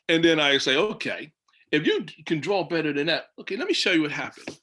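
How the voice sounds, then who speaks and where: A man's voice: fairly high pitch, brisk. A man, a children's book illustrator, telling stories on a video call and acting out his own lines. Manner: animated storytelling, acts out his own quoted lines. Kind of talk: casual talk on a video call panel.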